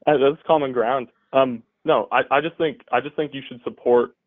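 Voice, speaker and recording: A man argues politics over a thin, tinny phone-like line. He speaks haltingly and fills gaps with ums and restarts. His voice sits at an everyday middle pitch. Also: steady tone, no room sound. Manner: hesitant, halting, many fillers. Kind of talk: debate over a call.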